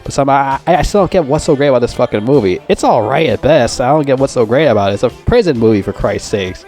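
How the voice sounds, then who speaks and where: A man's voice: mid-range voice, expressive, fast, darkish tone, soft background music. Man giving a profane, rambling film review. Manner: profane, rambling, heavy swearing and fillers.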